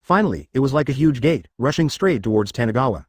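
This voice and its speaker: A man's voice: mid-range voice, lively intonation, fast, slightly rough, no echo, clean studio sound. A man narrating a translated ninja fan-fiction story in a scripted, synthetic-sounding read.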